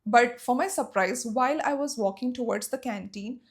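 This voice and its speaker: A woman's voice: on the high side, moderate pace. A young woman from Saudi Arabia telling a personal story in a storytime vlog, emotional and emphatic. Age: young adult.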